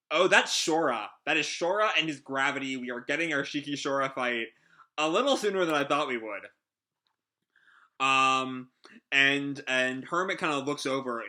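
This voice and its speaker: A man's voice: medium pitch, moderate pace, bright, forceful tone. A young man hosting a casual live manga reaction, chatty and full of fillers, reading the characters' lines aloud. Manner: chatty, many fillers, reads dialogue with small voice shifts. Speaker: manga reaction channel host.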